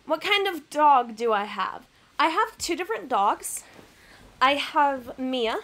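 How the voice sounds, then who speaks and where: Young woman streamer, high and bright voice, bubbly and self-deprecating, casual home webcam chat. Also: lively intonation, slow pace. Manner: bubbly, laughs often, chatty and self-deprecating. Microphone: webcam and computer mic.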